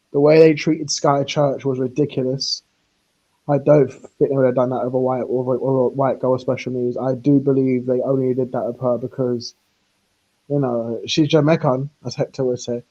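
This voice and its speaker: A man's voice: mid-range voice, mellow. A man on a live stream, ranting heatedly, laughing often and acting out quoted exchanges. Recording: lo-fi online stream audio.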